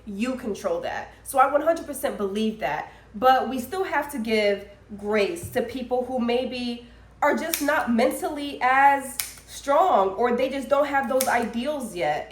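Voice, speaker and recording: A young adult woman vlogger telling a story to camera in a chatty, animated way, full of "like" and "y'all.". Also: fairly high pitch, slight background noise. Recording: echoey room.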